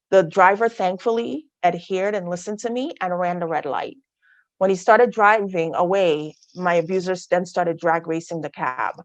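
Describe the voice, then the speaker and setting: Low-voiced woman telling her own story. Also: no room sound. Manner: candid storytelling with asides to the audience. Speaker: guest speaker. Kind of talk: personal testimony talk. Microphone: video call.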